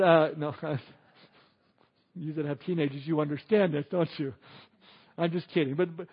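A man preaching a sermon as a pastor, animated, acting out quoted people in exaggerated voices. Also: a little high, highs cut off.

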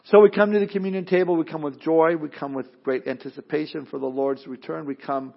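High-voiced pastor preaching with animation. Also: male voice, brisk, creaky. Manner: animated, acts out quoted voices, repeats words when starting. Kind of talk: sermon. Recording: dull lo-fi sound.

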